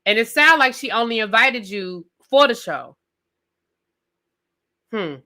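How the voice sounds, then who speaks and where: A sassy woman hosts a live rant, talking straight to her chat and repeating questions for emphasis. Her voice sits a little high and comes through bright and forceful. She keeps an animated, loose, conversational flow. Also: normal speed. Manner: sassy, talks straight to chat with "y'all" and "baby". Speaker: host of a live review stream.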